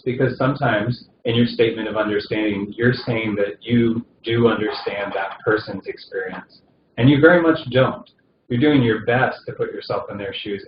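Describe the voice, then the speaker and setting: A man teaching a recorded session on palliative care, talking conversationally with many fillers and restarts. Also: medium pitch. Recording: dull roomy recording with faint noise.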